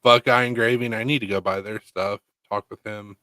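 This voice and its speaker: A man talking casually as a streamer, muttering relaxed asides while browsing. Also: on the low side, normal speed, no room sound. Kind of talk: casual chat.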